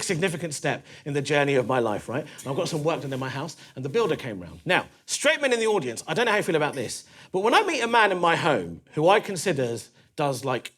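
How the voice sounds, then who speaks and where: A male stand-up comedian telling stories in a comedy club, animated and punchy, swearing freely. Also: on the high side, fast, hardly any pauses.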